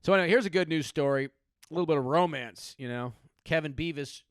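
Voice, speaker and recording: A man's voice: a little high, fairly quick, smooth, no echo, clean studio sound. A man in his thirties hosting a comedy podcast, riffing profanely on odd news stories and slipping into mock voices.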